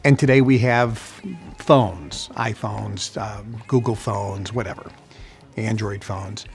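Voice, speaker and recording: A man giving a motivational talk, telling his story with lively, animated delivery and acting out his old stutter. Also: lowish voice, takes it slowly, gravelly, soft background music. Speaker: motivational speaker.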